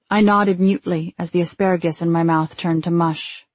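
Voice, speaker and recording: A woman narrating a first-person novel in a measured, restrained way. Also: lowish voice, steady tone, no room sound. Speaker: audiobook narrator.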